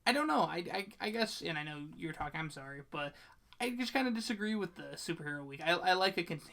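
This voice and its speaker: Male co-host, gravelly fry in his voice, chatty, hesitant, swears casually. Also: high-pitched, lively intonation, fast talker, sharp tone. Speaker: podcast co-host. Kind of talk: casual chat.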